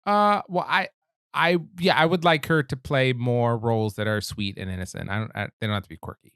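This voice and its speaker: A man co-hosting a film podcast, talking in a relaxed, laid-back way about movies. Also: mid-range voice, fairly quick, clean tone, no echo, clean studio sound. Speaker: podcast co-host. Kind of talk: casual film discussion.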